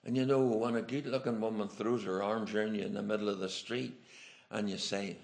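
A man's voice: on the low side, normal speed, vocal fry, long pauses, a little mellow. A man with an Irish accent preaching a sermon, telling folksy, humorous stories from his travels. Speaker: evangelist preacher. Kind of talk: storytelling sermon.

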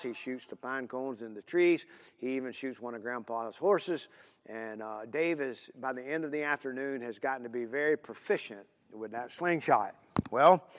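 A man telling a homespun story in an unhurried, folksy way, with plenty of fillers and restarts. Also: medium pitch, a bit bright, in a large hall.

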